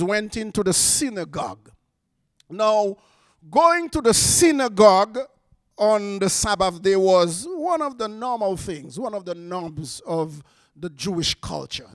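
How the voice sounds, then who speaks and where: A man preaching as a guest speaker, delivering a prophetic word, reading scripture and praying in a hushed voice, with emphatic repetitions and restarts. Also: high-pitched, dry recording, clean studio sound. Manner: soft hushed prayer. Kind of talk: sermon with prophetic word and prayer.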